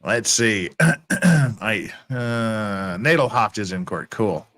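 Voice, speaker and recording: A man hosting a casual live stream with guests. He jokes and banters, and his voice is relaxed and low today. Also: slow. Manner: joking, banters with guests, jumps between high and low. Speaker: host.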